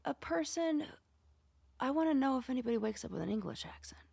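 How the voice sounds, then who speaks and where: Brief: playful woman co-host, lively swinging pitch, dry close mic. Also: fairly quick, creaky, husky, no echo. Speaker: podcast co-host. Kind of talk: casual chat.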